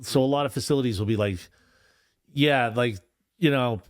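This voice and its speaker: A man's voice: medium pitch, normal speed, no echo, studio quality. A man, a guest on a podcast, chatting casually about union work in a rambling way, swearing freely and restarting his sentences often. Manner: rambling, profane, frequent restarts. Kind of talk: casual chat.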